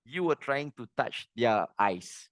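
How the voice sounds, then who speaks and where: A middle-aged man teaching a religious lesson, earnest and plain-spoken, with animated delivery. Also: mid-range voice, slow pace, no room sound, clean studio sound.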